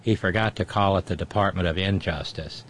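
A man hosting a commentary show, reading news items and breaking in with sarcastic, mocking asides. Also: low voice. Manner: wry, mocking, quick interjections.

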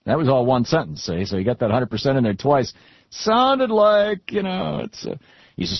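A man's voice: medium pitch, huge pitch swings, a little slow, dry recording, lo-fi sound. A middle-aged man hosting a talk radio show, lecturing in an indignant, sarcastic way.

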